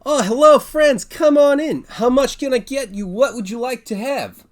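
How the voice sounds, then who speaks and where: A man voicing an eager, fawning tavern bartender who talks in a high, overly polite way. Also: moderate pace, noisy background.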